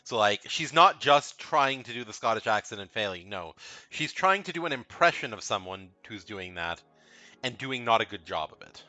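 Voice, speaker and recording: A man's voice: on the low side, big pitch swings, moderate pace, pushed and bright, dry recording. A man giving casual, rambling commentary as he ranks video game characters, frank and blunt, often repeating himself. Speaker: video game tier list creator.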